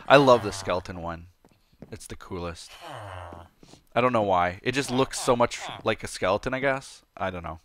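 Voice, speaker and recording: A man giving casual let's-play commentary as a gameplay host, playful, chatty and easily excited. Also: on the low side.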